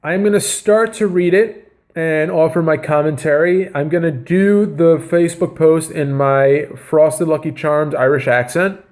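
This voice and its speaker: A man's voice: on the high side, unhurried, darkish tone. A man giving casual reaction commentary on his comedy vlog, rambling and enthusiastic with lots of fillers. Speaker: comedy vlogger reviewing news.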